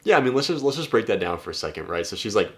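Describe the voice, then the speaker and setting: A man's voice: fairly low pitch, very animated, rapid-fire, fairly bright tone. A man working as a dating coach, reading out text messages and commenting on them in a loose, chatty way, with some swearing and a frequent "right?". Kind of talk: casual commentary reading out texts.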